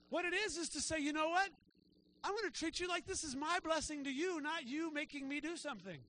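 A man preaching a sermon to his church, talking in a casual way and checking in with the congregation with quick asides. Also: very high voice, fairly bright tone. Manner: conversational preaching with frequent "right?" asides. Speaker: pastor. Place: church sanctuary.

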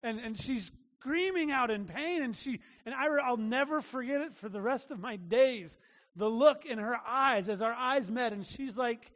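A man's voice: very high voice, moderate pace, fairly bright tone. A man preaching a sermon as a pastor, earnest and emphatic, often restarting his phrases. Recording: long reverb of a large hall.

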